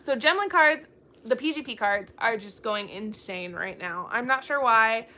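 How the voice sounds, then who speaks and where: Young woman, book chat host, bubbly storyteller, bright and slightly high. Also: expressive, moderate pace. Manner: bubbly storytelling, acts out quoted dialogue. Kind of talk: casual chat.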